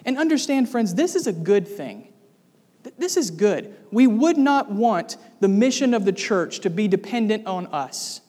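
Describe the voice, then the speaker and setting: High-voiced preacher in an echoing hall. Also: male voice, big pitch swings, unhurried, darkish tone. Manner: emphatic, rhetorical questions to the congregation. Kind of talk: sermon. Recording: long reverb of a large hall.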